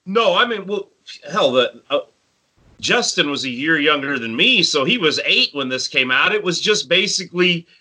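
A man's voice: fairly high pitch, big pitch swings, moderate pace, sharp tone, husky. A man in his forties chatting casually about a favorite movie and telling a story from his youth. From grew up in the countryside. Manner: storytelling, acts out friends' voices. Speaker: podcast co-host.

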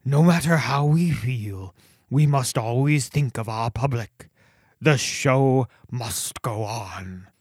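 A man putting on a vast, bored plague demon for a storybook reading, dragging out every word as if eternity itself has worn him down. The voice is unhurried and slightly rough-edged, set in a dry, close space. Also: mid-range voice, darkish tone, no room sound. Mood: weary theatrical. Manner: slow, drawn-out, world-weary delivery. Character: huge bored plague demon, weary, grandly melancholy.

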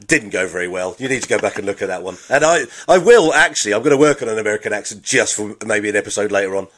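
Laid-back English man, lowish voice. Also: lively intonation, quick pace, a bit bright. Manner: laid-back, self-deprecating. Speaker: podcast co-host. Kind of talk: casual chat.

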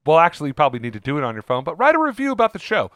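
A man co-hosting a casual podcast chat, talking earnestly with halting restarts. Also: on the high side, huge pitch swings, fairly bright tone, no room sound, studio quality. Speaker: podcast co-host.

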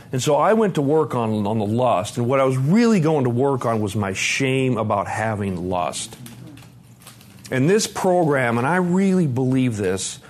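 Middle-aged guy sharing his story at a conference, blunt, swears a lot, goes quiet and low on the heavy bits. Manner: candid, self-deprecating, swears freely. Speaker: recovery meeting speaker. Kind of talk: personal testimony talk. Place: conference meeting room with live audience.

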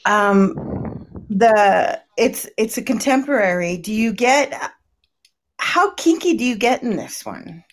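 A woman's voice: on the high side, expressive, takes it slowly. A woman hosting a casual chat, laughing often and restarting her sentences. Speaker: podcast host. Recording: noisy recording.

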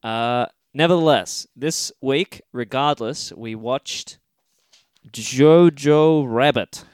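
A man co-hosting a casual film review podcast, throwing in joking, deadpan asides. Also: mid-range voice, takes it slowly, clean tone, no room sound, clean studio sound. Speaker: podcast co-host.

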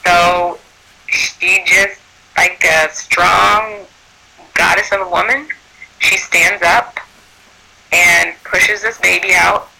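A man who works as a birth doula tells a personal story in an animated way, acting out what people said. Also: high voice, slow, creaky, long pauses, low-quality recording. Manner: animated, acts out quoted speech.

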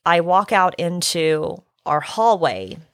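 Hoarse woman telling a messy story. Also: lowish voice, slow, dry recording, studio quality. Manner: animated, acts out her own quotes, swears. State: hoarse, recovering from illness. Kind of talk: casual storytelling chat.

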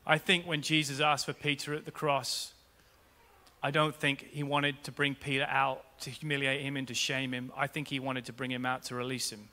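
Bright-voiced rousing male pastor. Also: mid-range voice, level tone, normal speed. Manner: rousing, rhythmic, appealing to the congregation. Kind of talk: sermon. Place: large church. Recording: long reverb of a large church hall.

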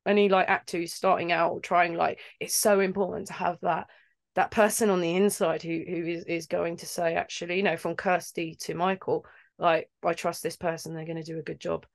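A woman from London chats as a game-acting guest. Her voice sits a little low. She talks in an animated, rambling way and laughs between thoughts. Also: fairly quick, creaky. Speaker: video game actor guest. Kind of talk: casual interview chat.

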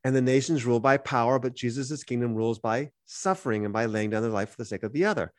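A man co-hosts a podcast, reading Bible verses aloud and then explaining them in a conversational, teaching way. His voice sits at a medium pitch and he talks fast, with animated energy. The studio-quality recording has no echo.

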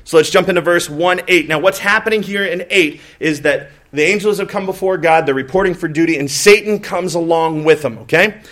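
A lively, high-voiced pastor preaching. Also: male voice, brisk, hardly any pauses. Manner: candid, self-mocking storytelling with acted-out quotes; talks directly to the congregation with asides. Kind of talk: sermon.

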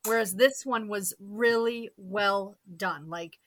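A woman's voice: medium pitch, slow pace, fairly bright tone. A woman co-hosting a podcast, chatting casually and frankly. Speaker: podcast co-host.

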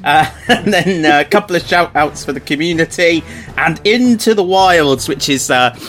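A man's voice: medium pitch, fairly bright tone. A man co-hosting a hobby podcast, chatty and teasing in casual conversation. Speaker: podcast co-host. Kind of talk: casual chat.

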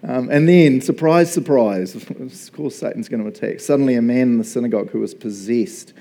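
A man's voice: medium pitch, a little fast, mellow. A male pastor giving a casual, conversational sermon. He laughs often and keeps asking "right?". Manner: chatty, laughs often, asks "right?" a lot.

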